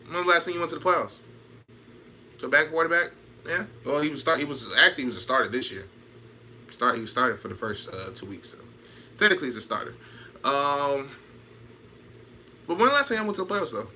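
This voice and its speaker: A man's voice: fairly high pitch, animated, a little fast, pauses often, pushed and bright, a little hiss or hum. A man in casual chat on a stream, trash-talking, laughing and repeating himself while answering comments.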